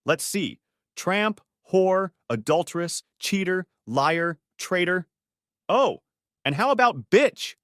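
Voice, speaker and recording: A man's voice: high voice, very animated, moderate pace, no room sound, clean studio sound, voice pushed up. A man voicing an angry young daughter who mocks and accuses her mother. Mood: scornful. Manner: sarcastic, accusing. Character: furious teenage daughter, scornful and cutting.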